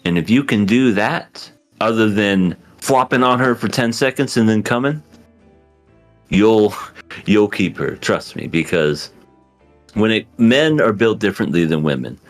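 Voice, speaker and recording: A man co-hosting a casual podcast, telling crude, drawn-out stories and laughing often. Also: on the low side, expressive, faint music behind. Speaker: podcast co-host.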